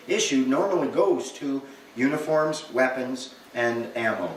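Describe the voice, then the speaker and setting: A man giving a lecture to a live audience, animated and joking, acting out little dialogues as he goes. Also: mid-range voice, a little slow, a little hiss or hum. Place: meeting room with an audience. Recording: echoey room, recorded from far off.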